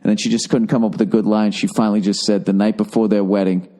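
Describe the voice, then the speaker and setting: A man's voice: on the low side, level tone, quick pace, warm tone. Blunt, profane middle-aged man. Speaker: podcast host. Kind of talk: casual advice rant.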